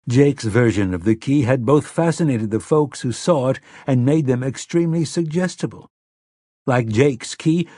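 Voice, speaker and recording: A male audiobook narrator with a mid-pitched, slightly husky voice. He reads in a measured, expressive way, leaning into the story's moments. The recording is close and dry, with no room sound. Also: no room sound. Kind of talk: scripted narration.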